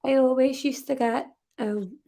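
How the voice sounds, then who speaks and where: A woman's voice: high voice, fairly even intonation, a little slow, warm tone. Scouse woman with a dry, teasing manner. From Liverpool, England. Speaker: co-host of a fan channel stream. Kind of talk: casual live-stream chat.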